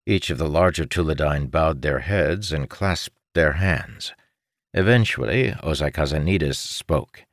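A man reading a fantasy story aloud in scripted, measured narration. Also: very deep voice, lively intonation, no room sound, clean studio sound. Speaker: audiobook narrator.

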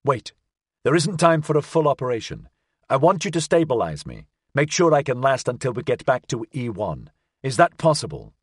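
A man's voice: mid-range voice, sing-song, normal speed, husky, no room sound, studio quality. A man voicing a wounded, decisive woman agent with a clipped, commanding manner.

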